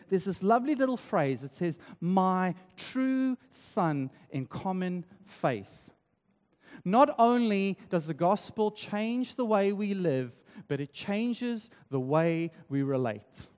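South African-raised pastor in reverberant hall. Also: male voice, high voice, animated, normal speed, hardly any pauses, darkish tone. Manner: conversational, tag questions like "right?". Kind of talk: sermon.

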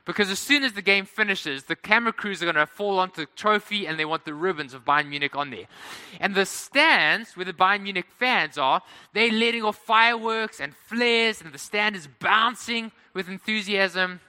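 A male preacher delivers a sermon in an easy, conversational way and keeps putting questions to his listeners. His voice sits high and sounds very bright and cutting. The hall around him carries a long reverb. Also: normal speed, hardly any pauses, smooth. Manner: conversational, asks the congregation questions.

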